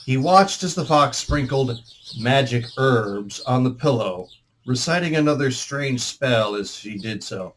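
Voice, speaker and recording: A man hosting a read-aloud show, narrating a storybook with expressive rises and falls in tone. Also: medium pitch, a little slow, slight background noise. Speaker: host reading a book aloud.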